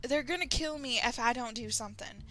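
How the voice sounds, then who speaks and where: A woman voicing a nervous, desperate squirrel woman in a fan story, with an attempted Texan accent and a quiet pleading manner. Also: a little high, fairly quick, soft background music.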